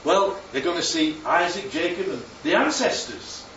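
A slightly high, very animated male voice at a moderate pace, fairly bright in tone, preaches in a church hall. He's from northern England, chatty and joking, regularly quizzing the congregation. Slight background noise; the echoey room and distant mic make it dull.

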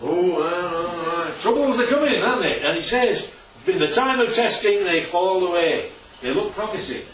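A man preaches with a high, animated voice that keeps swinging up and down as he quizzes his listeners and throws in jokey asides. He sounds far off in a roomy church hall. The recording is dull, lo-fi, and has a faint hiss. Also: moderate pace. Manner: asks the audience questions constantly. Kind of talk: interactive Bible teaching.

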